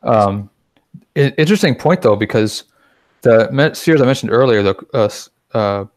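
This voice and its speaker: A man's voice: mid-range voice, expressive, normal speed, no echo. A man chatting casually on a podcast, rambling a little and acting out the things he quotes. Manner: chatty, acts out quoted remarks.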